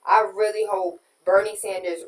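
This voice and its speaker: A woman hosts a casual political talk show, reading listener comments and ranting with exasperated emphasis. Her outbursts rise loud, then drop to hushed disbelief. She sits back from the mic in a roomy, echoing space. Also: mid-range voice, steady tone, moderate pace, recorded from a distance, a little hiss or hum.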